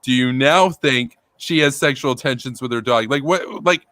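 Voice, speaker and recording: A man's voice: mid-range voice, moderate pace, fairly bright tone, no room sound. A man hosting a casual stream, retelling a story in a rambling way and laughing often. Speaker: political commentary streamer.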